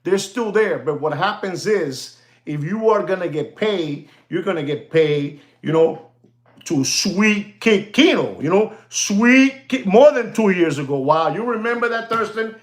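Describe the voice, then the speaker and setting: Man, content creator, slightly high-pitched, repetitive rambling rant aimed at his viewers. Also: animated, unhurried, roomy sound. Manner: rambling, repetitive, keeps saying "you know" and "ladies and gentlemen". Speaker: watch channel content creator.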